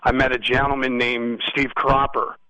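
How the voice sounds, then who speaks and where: A man being interviewed as a musician guest, telling rambling, animated stories and often asking "you know what I mean?". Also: medium pitch, normal speed, dry recording, low-quality recording. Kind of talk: casual storytelling interview.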